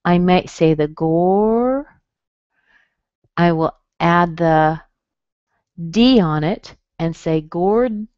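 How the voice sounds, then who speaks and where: A woman's voice: fairly low pitch, darkish tone, no room sound. An American woman teaching a live online pronunciation class, explaining patiently and drawing out the sounds she demonstrates. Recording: dry, dull lo-fi webinar audio.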